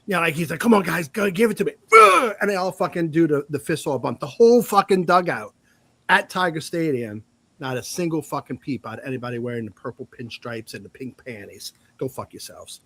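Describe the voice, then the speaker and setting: A man with a slightly high voice tears into a team in a crude, heated sports rant. He swings from loud, emphatic outbursts down to low muttering. His talk is full of profanity. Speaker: sports podcast co-host.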